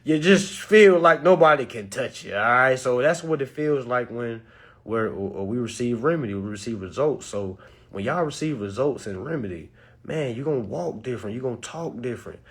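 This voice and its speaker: A man talking casually to his live-stream viewers, animated and preachy, full of slang, swinging between loud and soft. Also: medium pitch, normal speed, breathy edge. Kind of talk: casual motivational talk to viewers.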